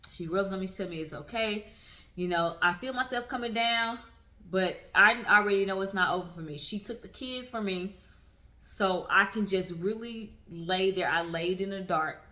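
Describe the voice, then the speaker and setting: A woman in her thirties shares her own experience in a candid vlog. Her voice is bright and ringing, and she speaks earnestly. She leans on repetition to make each point land. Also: mid-range voice. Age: 30s. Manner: earnest and emphatic, repeats phrases for weight. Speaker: vlogger. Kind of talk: candid personal talk to camera.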